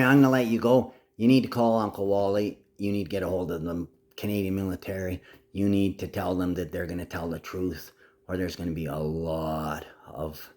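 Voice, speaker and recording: A man's voice: sits low, darkish tone. A man recording a rambling, profane video message to his family. He is agitated, jumps between topics and keeps slipping into a mock Aussie twang.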